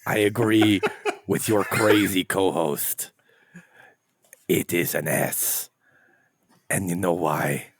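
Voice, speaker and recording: A man putting on a pompous, over-the-top French accent as he impersonates an actor on a podcast. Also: deep voice. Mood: grandiose. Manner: slow, pompous pronouncements. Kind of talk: comedic impression on a podcast.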